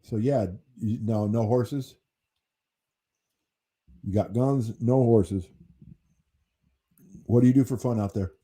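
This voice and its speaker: An American channel host with a warm, husky mid-range voice takes his time, leaving long pauses. He reads chat during a casual livestream, talking with viewers in a loose, rambling way that includes casual swearing.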